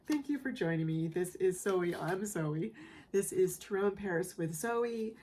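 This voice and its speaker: A woman giving a collective tarot reading in a soft, emotional way, often repeating phrases and checking in with the listener. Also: lowish voice, animated, unhurried, a little hiss or hum. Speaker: tarot reader. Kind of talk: gentle spoken tarot reading.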